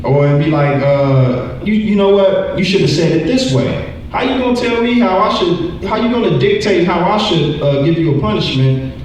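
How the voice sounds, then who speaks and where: Animated man teaching from afar. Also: sits high, moderate pace, slight background noise. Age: 40s. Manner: animated, acts out quoted voices, repeats words. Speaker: church teacher. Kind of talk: Bible lesson. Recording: echoey room from far off.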